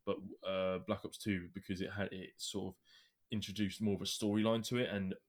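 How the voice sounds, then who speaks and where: A young man in casual gaming chat, talking in halting bursts with many restarts. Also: low voice, level tone.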